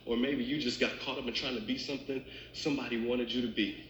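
A man's voice: medium pitch, fairly even intonation, fast, fairly bright tone, reverberant, slight background noise, poor audio. A man preaching a sermon as pastor, building to fervent climaxes.

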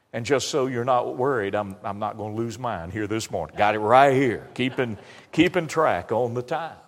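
A man's voice: mid-range voice, moderate pace. A man preaching a sermon as pastor, earnest, stumbling and repeating himself as he goes. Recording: long reverb of a church hall.

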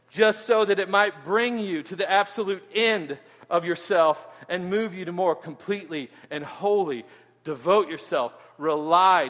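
A man preaching a sermon in an animated way, often asking "right?" and repeating words as he goes. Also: fairly high pitch. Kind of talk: expository sermon. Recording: long hall reverb.

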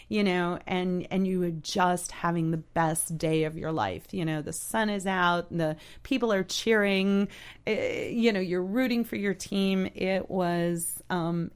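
A woman telling a heartfelt story in casual chat, halting, with many restarts and "you know". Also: on the low side, smooth. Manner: earnest, heartfelt. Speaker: storyteller guest.

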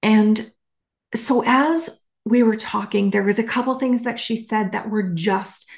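A woman's voice: medium pitch, measured pace. A woman hosting a solo podcast, talking in a candid, emphatic way and swearing casually. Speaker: podcast host.

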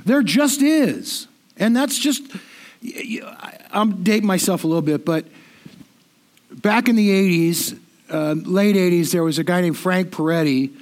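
Preaching a sermon, this middle-aged pastor speaks in a high voice. He stays conversational and pokes fun at himself, frequently circling back over what he has just said.

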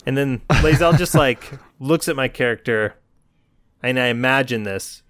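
A man's voice: mid-range voice, moderate pace. A male podcast co-host in casual chat, recounting a story with growing animation. His voice sits in a middle register. The sound is dry and close, with no room echo. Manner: animated, acts out his own side of the story.

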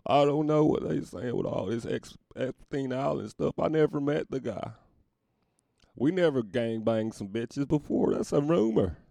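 A man's voice: mid-range voice, expressive, normal speed, creaky, dark tone, no room sound, pitched above the performer's own voice. A man putting on a folksy country drawl to play an older man. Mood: defensive. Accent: put-on rural American.

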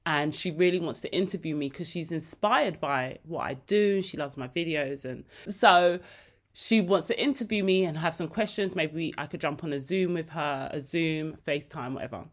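A woman hosting her own podcast, telling stories in a lively, emotional way and laughing easily. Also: low voice, moderate pace. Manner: animated storytelling, laughs and gets emotional easily. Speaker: podcast host. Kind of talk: casual solo podcast chat.

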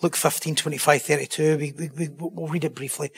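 A man preaching a sermon, impassioned and building to loud, emphatic rhetorical questions. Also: a little high, flat delivery, fairly quick, vocal fry, few pauses, slightly rough.

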